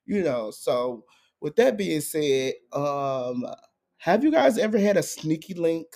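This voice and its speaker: A young man hosting a podcast, telling a story in an animated, profane way with frequent laughter. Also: fairly high pitch, takes it slowly. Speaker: podcast host. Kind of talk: casual chat storytelling.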